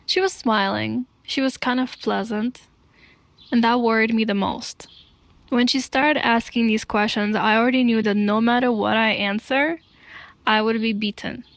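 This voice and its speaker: A woman telling her own life story to camera in an earnest, deliberate way, pausing between short phrases. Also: on the high side, steady tone, gravelly, fairly bright tone, no room sound. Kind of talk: slow confessional storytelling.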